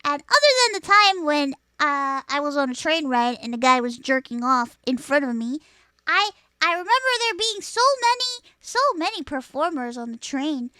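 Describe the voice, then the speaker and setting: An adult woman streamer telling a story to her chat in a crude, profane and animated way, close to a desk mic. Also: high voice, normal speed, dry recording.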